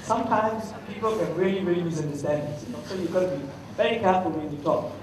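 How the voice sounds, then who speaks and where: Malaysian guy telling funny stories to a crowd, fairly high voice, very echoey room, faint hum behind. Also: fast. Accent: Malaysian English. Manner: anecdotal, jokey, quizzes the audience. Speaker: memory trainer giving a public talk. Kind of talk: humorous public talk to an audience. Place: large hall at a festival. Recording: echoey hall, mic at a distance.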